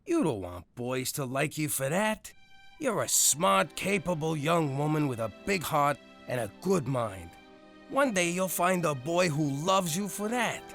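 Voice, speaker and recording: Gravelly new york mob dad cartoon guy, lots of swing in his voice. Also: a little high, sing-song, measured pace, fairly bright tone, faint music behind, exaggerated voice. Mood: pleading. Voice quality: gravelly, exasperated. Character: blustery ex-mob boss father, soft on his daughter. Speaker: club owner and father.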